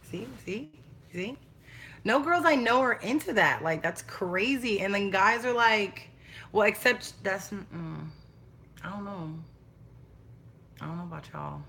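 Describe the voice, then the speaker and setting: A woman's voice: medium pitch, bright, forceful tone, slight background noise. A young woman chatting casually and bluntly on a livestream, swearing freely. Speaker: vlogger.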